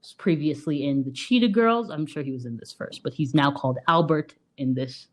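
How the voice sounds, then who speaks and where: Low-voiced woman co-host, casual and chatty, retelling a movie plot with lots of fillers. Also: a little fast. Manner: chatty, many "like" and "you know" fillers, laughs often. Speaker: podcast co-host. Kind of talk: casual film review.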